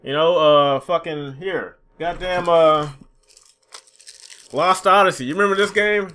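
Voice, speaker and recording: A man's voice: on the high side, unhurried, pushed and bright, clear, resonant tone. A young man in a gaming commentary vlog, frustrated and profane, mocking the companies as he rants. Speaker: gaming YouTuber.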